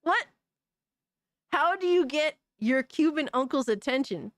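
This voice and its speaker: A woman's voice: high voice, animated, measured pace, no echo, clean studio sound. A woman hosting a gaming news live stream, chatting casually with viewers in a loose, profane way and laughing often. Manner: loose and profane, laughing often, calling people brother and dog.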